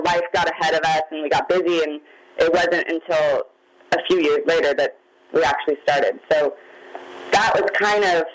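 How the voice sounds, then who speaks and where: A woman's voice: fairly low pitch, rough recording. A woman in middle age speaks openly as an interview guest. Her telling is candid and personal, her feelings close to the surface. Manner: open, candid, near tears at times. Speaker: guest, magazine founder. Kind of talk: emotional personal storytelling.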